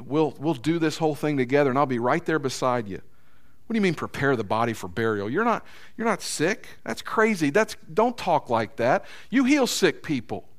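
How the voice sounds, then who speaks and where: A preacher playing a scheming, ambitious disciple who talks eagerly about getting ahead, then pleads in disbelief. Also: male voice, mid-range voice, lightly acted.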